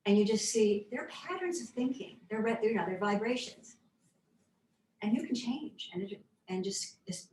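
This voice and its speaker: Soft-spoken woman in an echoey room. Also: medium pitch, expressive. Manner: thoughtful, halting, drops to soft near-whispers. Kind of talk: reflective conversational sharing. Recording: echoey room, mic at a distance, faint noise.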